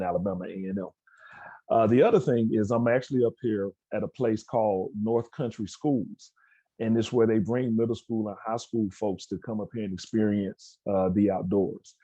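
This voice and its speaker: A man's voice: fairly low pitch, moderate pace, mellow, no room sound, dull audio. Man telling a story on a video call. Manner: storytelling, acts out quoted dialogue. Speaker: keynote speaker. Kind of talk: motivational talk to students over video call. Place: indoors at an outdoor education center.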